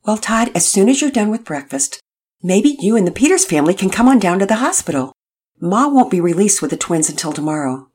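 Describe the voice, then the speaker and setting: Woman reading a cheerful patient dad, husky voice, storybook. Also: medium pitch, very animated, brisk, darkish tone, pitched above the performer's own voice. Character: warm, cheerful father, middle-aged man.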